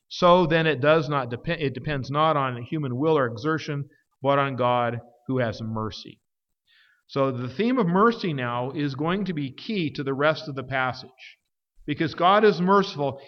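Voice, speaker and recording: A man preaching a sermon, emphatic, swinging from forceful peaks down to quiet, low stretches. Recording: dull sound with long hall reverb.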